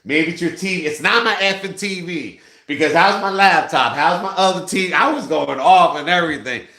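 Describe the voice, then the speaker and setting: Animated man telling a story, bright voice. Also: high-pitched, normal speed, reverberant. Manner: animated, swearing, bursts into shouting and laughter while retelling. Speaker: vlogger. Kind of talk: casual storytelling chat.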